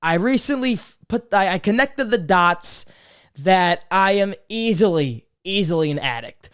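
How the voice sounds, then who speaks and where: A man in his twenties hosting a casual confessional vlog, crude and swearing, swinging from loud joking greetings to quiet serious talk. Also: high-pitched, expressive, unhurried, clean tone. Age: 20s. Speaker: podcast host.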